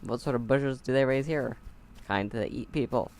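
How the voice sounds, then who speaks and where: This let's play features a man with a medium-pitched, darkish voice at normal speed, talking through a video game at home on a close desk mic. He's chatty and sarcastic, full of wry asides.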